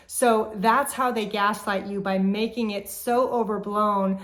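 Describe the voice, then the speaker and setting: Woman host, mid-pitched, calm explainer talking straight to camera. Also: moderate pace, few pauses. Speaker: relationship therapist host. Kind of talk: educational talk to camera.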